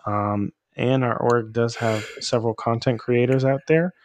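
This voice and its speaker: A man hosting a casual podcast, relaxed and chuckly, with lots of fillers. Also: mid-range voice, unhurried, dry recording. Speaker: podcast host.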